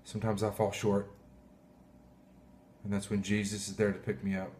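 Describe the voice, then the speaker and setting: A man pastor giving a heartfelt, halting sermon, often clearing his throat. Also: on the low side, completely flat delivery, darkish tone, a little hiss or hum. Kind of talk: emotional sermon.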